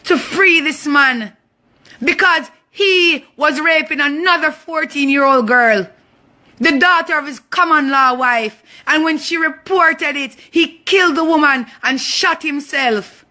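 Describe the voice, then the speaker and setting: A woman in her thirties with a Jamaican accent, her voice high and sharp as she delivers an impassioned rant. She sounds fierce and indignant, emotional and close to tears, hammering points home by repeating them. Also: a little slow. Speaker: abuse survivor speaking out. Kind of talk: impassioned social media rant.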